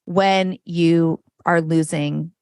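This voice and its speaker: A woman's voice: lowish voice, fairly even intonation, drawn-out words, a little mellow, clean tone, dry recording, studio quality. A middle-aged woman, a parenting coach, talking candidly and frankly as a podcast guest, swearing freely. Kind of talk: casual conversation.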